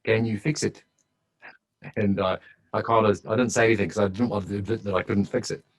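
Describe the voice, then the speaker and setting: A man's voice: fairly low pitch, fairly even intonation, fast talker, rough recording. A man speaking as a guest on a podcast interview, telling stories in a chatty, enthusiastic way.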